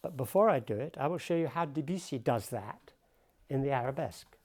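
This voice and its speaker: A man giving a talk at the piano about poetry and music, explaining with thoughtful pauses. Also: mid-range voice, animated, darkish tone. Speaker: pianist and lecturer.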